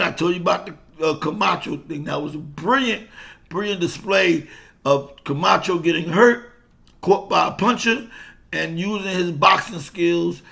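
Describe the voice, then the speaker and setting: An older man and boxing coach, telling a story in an animated way, repeating himself and swearing freely. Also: high-pitched, vocal fry. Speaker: boxing coach and former fighter. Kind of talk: casual boxing talk to camera.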